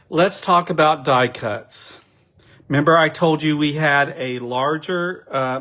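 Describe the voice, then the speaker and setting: Man, craft demo host, slow easygoing delivery, middle-aged, chatty asides. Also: mid-range voice, fairly bright tone. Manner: unhurried, chatty, self-deprecating asides. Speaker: card-making instructor. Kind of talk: casual crafting demonstration.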